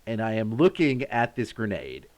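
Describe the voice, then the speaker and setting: A man in his thirties hosting a live stream, casually telling a story to his chat and acting out sounds and shouts along the way. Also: fairly low pitch, moderate pace. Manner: animated, acts out sounds and his own shouts.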